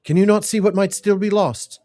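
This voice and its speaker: A man's voice: sits high, brisk, pitched above the performer's own voice, lightly acted. A man voicing a grief-maddened, vengeful warrior who speaks bitterly and accusingly in a fantasy game. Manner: bitter, accusing, bursts into shouting.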